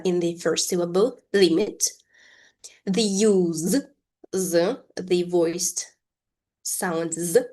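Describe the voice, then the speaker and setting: A woman teaching an English lesson, with careful, drawn-out pronunciation drills. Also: lowish voice, a little mellow. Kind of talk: language lesson.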